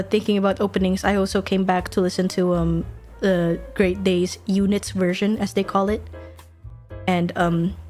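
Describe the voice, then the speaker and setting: A woman streamer rambling in a casual, excitable way, cursing freely and giggling as she goes. Her voice sits at a mid pitch for a woman, with faint music playing behind her at her desk setup.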